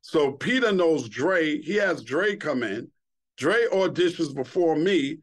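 A middle-aged former TV host from Queens, New York, guests on a podcast, spinning casual, profane stories with animated flair. He acts out the quotes in a slightly high voice and takes his time.

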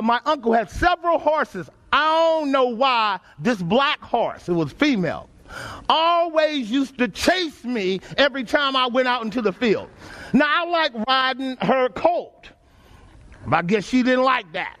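A Texan man preaching to his congregation, his voice riding unusually high. He keeps checking in with the room and drawing answers back from the pews, folksy and emphatic throughout. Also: fairly bright tone. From Texas. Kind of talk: sermon. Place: church sanctuary before a congregation.

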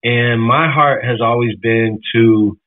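A man's voice: mid-range voice, fairly even intonation, slow pace. A man from Florida, a musician guest in a radio interview, talking earnestly and reflectively, at times emotional. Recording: tinny phone line.

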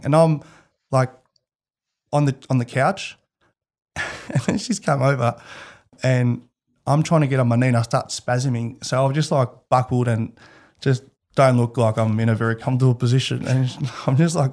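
At a normal speed and medium pitch, a man with an Australian accent tells personal stories as a guest in an interview. His casual storytelling is candid and animated, broken up by laughter as he goes.

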